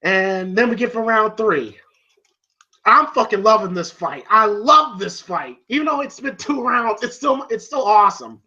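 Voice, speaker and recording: Excitable, swearing male film reviewer. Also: high voice, a little slow, muffled recording. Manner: excitable, profane, heavy on fillers. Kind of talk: casual film review vlog.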